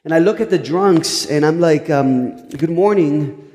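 A man's voice: on the high side, unhurried, a little mellow, long reverb tail, faint music behind. A male pastor telling a story in a sermon, earnest, with frequent stumbling restarts.

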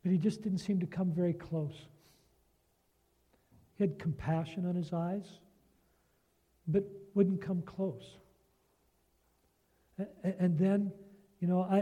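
A man's voice: high-pitched, steady tone, a little slow, long pauses, dark tone. A man preaching a sermon, telling a prayer story and reading scripture, earnest and often asking his listeners rhetorical questions.

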